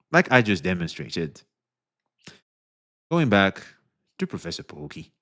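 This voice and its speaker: A man's voice: deep voice, sing-song, measured pace, long pauses, fairly bright tone. A man streaming live, casually reacting to a clip, laid-back, swearing and laughing a lot.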